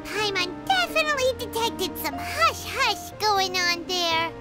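A tiny fairy-like companion girl chirps in a very high, bouncy voice for a fantasy video game. She sounds perky and refers to herself by name, with lively swoops in her pitch. Bright music plays behind her. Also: a little slow, full character voice. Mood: suspicious.

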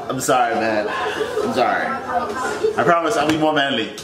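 A man hosting a reaction video in casual commentary, breaking into loud startled exclamations and laughter between wry remarks. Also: medium pitch. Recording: roomy echo with faint ambience.

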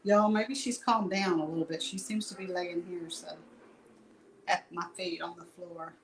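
A woman's voice: lowish voice, fairly even intonation, moderate pace, poor audio. Chatty woman teaching painting. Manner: chatty, rambling, folksy asides. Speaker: painting instructor. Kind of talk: casual live painting tutorial.

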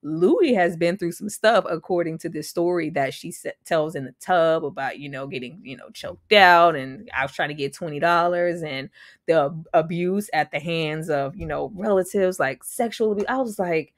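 A woman's voice: low voice, moderate pace, dry recording, studio quality. A young woman casually reviewing a TV episode, chatty and slangy, laughing often between points. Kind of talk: casual recap and reaction.

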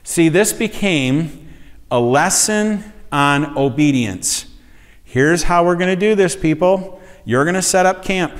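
A man's voice: on the high side, expressive, takes it slowly, long reverb tail. A man preaching a conversational sermon, often asking his congregation questions. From USA. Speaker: pastor. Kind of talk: sermon teaching. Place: church sanctuary.

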